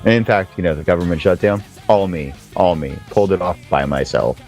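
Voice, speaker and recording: A man guesting on a gaming podcast, laid-back with deadpan jokes. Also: sits low, a little fast, faint music behind. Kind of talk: casual podcast banter.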